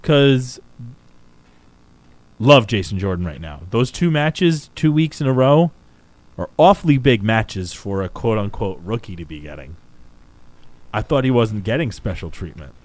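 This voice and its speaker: A man co-hosting a podcast in loose, excitable chat, his pitch swinging widely as he gets worked up. The sound is dry and close, with no room in it. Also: measured pace, pauses often, dry recording, poor audio. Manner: animated, swearing, pitch jumping up when excited. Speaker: podcast co-host. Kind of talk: casual wrestling chat.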